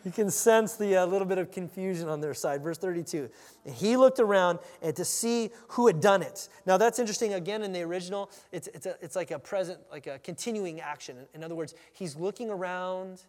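A man's voice: sits high, brisk. A man preaching a conversational sermon, acting out the scene as he teaches. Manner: animated, conversational, acts out the scene. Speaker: pastor. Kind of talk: expository sermon. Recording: long hall reverb.

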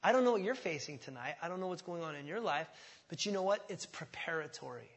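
A man's voice: sits high, very animated, fast talker, fairly bright tone. A middle-aged man preaching a sermon as pastor, impassioned and often rising to emphatic outbursts.

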